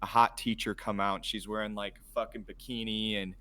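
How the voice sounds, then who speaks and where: A man's voice: fairly low pitch, flat delivery, fairly quick, sharp tone, no echo. A young man co-hosting a podcast in casual chat, swearing freely and laughing often. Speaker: podcast co-host.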